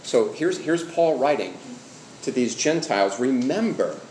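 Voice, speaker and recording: A middle-aged male pastor teaches a church class in an easy, conversational way, asking the group questions and telling personal stories. His voice sits at an ordinary middle pitch for a man. It echoes through a roomy hall, with a faint hum behind it. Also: expressive, measured pace, a little mellow.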